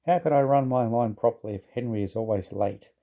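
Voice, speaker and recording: A man's voice: medium pitch, mellow, lightly acted. A man voicing a proud, impatient young tank engine in a storybook reading, speaking crossly and in a hurry. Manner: cross and hurried.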